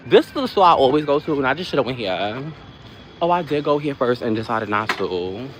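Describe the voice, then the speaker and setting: A man chatting casually on a live stream while walking outdoors, rambling from one topic to the next with quick asides. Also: medium pitch. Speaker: livestream host. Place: outdoors on a busy city street. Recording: noisy street with passing traffic.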